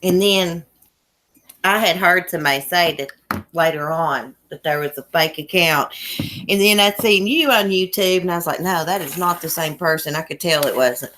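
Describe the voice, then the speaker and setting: A woman's voice: on the low side, lively intonation, normal speed, a bit bright, a little hiss or hum. A woman from Southwest Virginia with a strong Appalachian country accent, hosting a casual livestream, chatting folksily and laughing often. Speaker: YouTube livestream host. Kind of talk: casual livestream chat reading comments. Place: home in a small mountain town.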